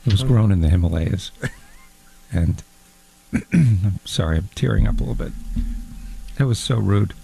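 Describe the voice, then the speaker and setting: A prim, easily wounded fondue lover, played by a man with a low, gravelly voice. He explains things pompously and stumbles over his words. He takes every slight to heart. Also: animated, moderate pace, pauses often, dark tone, exaggerated voice. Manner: pompous, hesitant, easily hurt. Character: fussy, emotional fondue-loving man. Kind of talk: comedy character bit.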